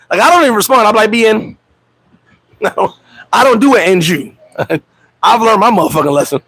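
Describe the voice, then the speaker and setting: A man hosting a casual livestream chat, animated and laughing, telling stories with profane street slang and acting out quotes in high voices. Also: dry recording, poor audio. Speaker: host. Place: Dominican Republic.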